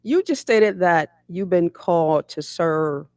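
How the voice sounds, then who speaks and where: Podcast host, woman, formal and deliberate, gravelly edge. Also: lowish voice, lively intonation, darkish tone, no room sound. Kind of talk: interview questions.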